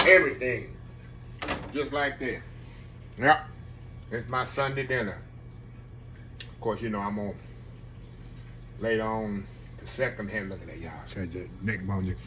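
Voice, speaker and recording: A cooking channel host from Texas, speaking with a Texan Southern accent, keeps up a folksy chat with viewers, y'alls included, while cooking at home for a casual vlog. His mid-range voice is pushed and bright, and there's slight background noise.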